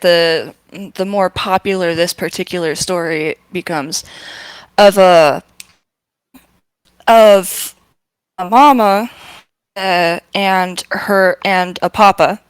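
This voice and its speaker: A woman running a tabletop game as game master, narrating lore with many pauses and restarts. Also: medium pitch, clear, resonant tone, no echo, low-quality recording. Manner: halting, lots of ums and restarts.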